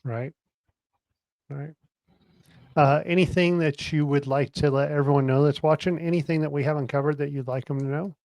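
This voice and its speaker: A man hosting a casual interview podcast, asking questions in a halting way and pausing to search for words. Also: on the high side, fairly even intonation, darkish tone, no echo, clean studio sound. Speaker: podcast host.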